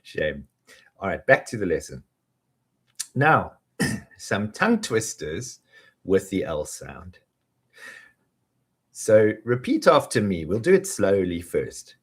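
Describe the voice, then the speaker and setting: A man teaching English pronunciation, leading slow repeat-after-me drills and chuckling between tongue twisters. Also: on the low side, very animated, slightly rough.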